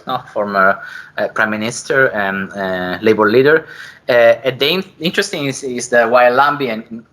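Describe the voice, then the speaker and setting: Hesitant, bright-voiced male academic speaker. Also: lowish voice, low-quality recording. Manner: hesitant, frequent fillers and self-corrections. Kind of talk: academic seminar presentation.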